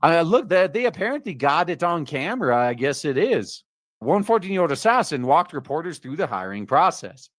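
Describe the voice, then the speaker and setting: A man's voice: a little high, big pitch swings, a little fast, fairly bright tone, no echo, clean studio sound. A man hosting a commentary stream, reading news articles aloud with many fillers and adding sarcastic asides. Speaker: host reading news stories. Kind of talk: casual commentary on read-out articles.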